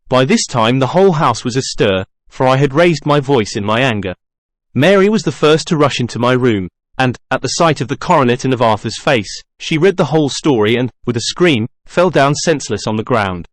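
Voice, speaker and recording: Male audiobook narrator, first person, measured, middle pitch, close dry studio sound. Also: animated, dry recording.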